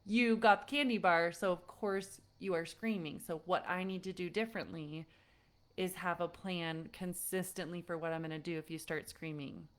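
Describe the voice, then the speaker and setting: A woman parenting coach giving an online lesson to parents, animated and often laughing as she acts out frustrated parents. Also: lowish voice, moderate pace.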